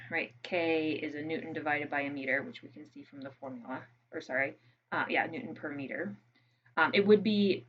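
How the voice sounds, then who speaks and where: A woman with a notably low voice talks students through a lab exercise, casual and thinking aloud with ums and quick checks. The recording is a little dull, with faint room noise behind her. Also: fairly bright tone. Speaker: physics instructor. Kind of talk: screen-recorded lab walkthrough.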